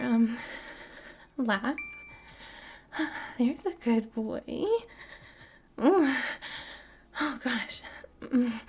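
A high-voiced young woman speaks in a whispered role-play, unhurried almost to a crawl. Her delivery is soft and breathy, padded with long murmured pauses. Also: slight background noise. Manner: slow, soft and breathy, with many drawn-out murmurs.

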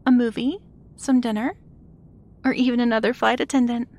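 A woman playing a flight attendant in an adult audio role-play, breathy, giggly and teasing as she fawns over the listener. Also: on the high side, fairly even intonation, moderate pace, darkish tone.

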